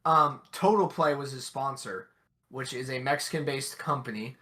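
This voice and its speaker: A young man co-hosting a casual podcast chat, blunt and animated, swearing freely. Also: medium pitch, moderate pace. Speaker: podcast co-host.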